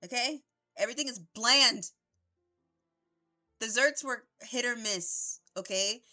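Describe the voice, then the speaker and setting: A woman's voice: a little high, bright, forceful tone. Chatty young woman streaming a game. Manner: chatty, swears freely, rambling asides. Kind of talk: casual gameplay commentary. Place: at home. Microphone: headset.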